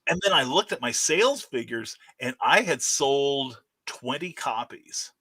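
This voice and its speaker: A man, a guest author, telling stories in a casual interview, animated and full of fillers. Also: mid-range voice, measured pace, husky. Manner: animated storyteller, many fillers.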